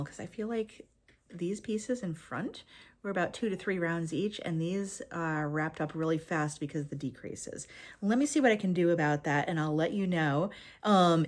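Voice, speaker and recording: A woman talking chattily through her crochet project in a casual crafting vlog, upbeat and with frequent fillers. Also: lowish voice. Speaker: crochet pattern designer.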